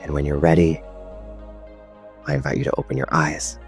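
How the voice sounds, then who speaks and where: A man speaking affirmations in a slow, soft, unvoiced whisper as whispered role-play. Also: very deep voice, very animated, gravelly, soft background music.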